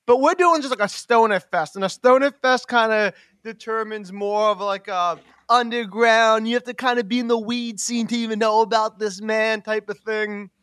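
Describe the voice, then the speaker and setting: Very high-voiced young man, giggly. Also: moderate pace, few pauses, a bit bright, smooth, no echo, clean studio sound. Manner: rambling, giggly, full of fillers. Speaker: podcast co-host. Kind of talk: casual chat.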